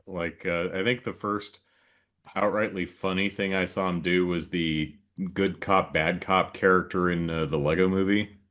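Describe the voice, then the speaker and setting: A man's voice: deep voice, steady tone, moderate pace, a bit bright. A man hosting a podcast, chatting casually about movies, swearing now and then and laughing between remarks. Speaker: podcast host.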